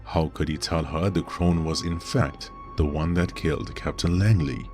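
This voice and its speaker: Super deep voiced guy telling a horror story, slow and dramatic, soft music under. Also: fairly even intonation. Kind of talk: scripted horror narration.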